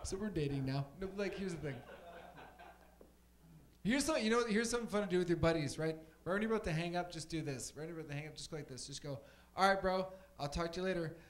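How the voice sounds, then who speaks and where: A man's voice: on the high side, expressive, fast. A young man doing a stand-up set on a comedy club stage, rambling casually and full of fillers.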